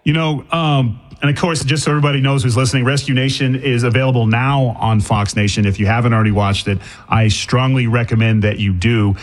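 Boston radio host guy, fast and chatty, jokes around, trips over his questions. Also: mid-range voice, fairly even intonation. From Boston area. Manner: chatty, jokey, stumbling questions. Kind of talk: casual radio interview.

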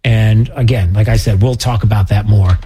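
A man's voice: fairly low pitch, steady tone, moderate pace, dark tone, a little hiss or hum. A male radio talk show host, chatting casually and sarcastically with many fillers.

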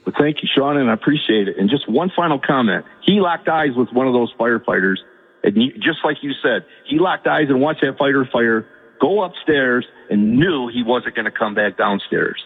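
Caller: husky man, mid pitch, halting and earnest, heard through a tinny phone line. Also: lively intonation, long reverb tail. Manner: halting, repeats words, rises to pleading. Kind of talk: emotional call-in story.

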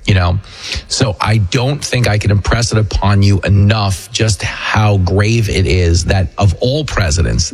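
A man with a New York accent hosting a political commentary show, talking in a mocking manner and acting out quotes in a shrill high voice. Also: breathy edge. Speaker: show host.

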